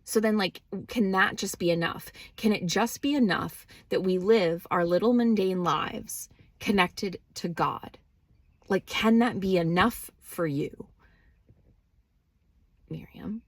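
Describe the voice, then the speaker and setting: A woman's voice: mid-range voice, slow pace, no room sound, studio quality. A woman talking casually to camera from inside her car with no external microphone, blunt and swearing freely as she questions herself. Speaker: spiritual vlogger. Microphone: no external microphone, phone or camera.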